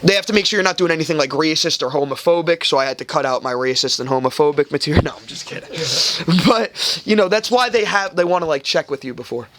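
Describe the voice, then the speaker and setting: A young man hosting a podcast talks fast with hardly any pauses, his fairly high voice fairly bright, over a little hiss or hum. He tells a rambling, profane story in a casual chat, swearing a lot and acting out the people involved.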